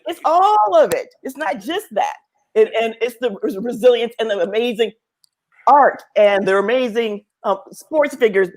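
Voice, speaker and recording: A woman professor in casual panel conversation, animated and laughing often, acting out other people's voices. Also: a little high, normal speed. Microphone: video call.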